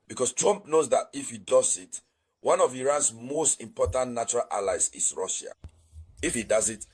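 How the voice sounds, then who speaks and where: A man with a husky, breathy voice delivers a political news commentary monologue. He speaks emphatically, hammers his points by repeating them, and keeps urging his viewers to share. His voice sits at an ordinary middle pitch. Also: poor audio. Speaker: host of a news commentary channel.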